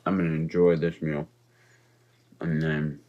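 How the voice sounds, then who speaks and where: A man's voice: very deep voice, flat delivery, measured pace, highs cut off. A man vlogging in a casual, upbeat way, talking straight to his viewers. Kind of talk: casual vlog chat.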